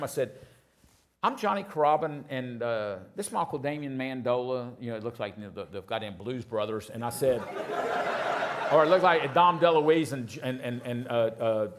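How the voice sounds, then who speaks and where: A man's voice: mid-range voice, brisk. An older man from Houston, rambling through profane, self-mocking stories as a guest on stage. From Houston, Texas. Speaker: restaurateur guest. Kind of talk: casual storytelling on stage.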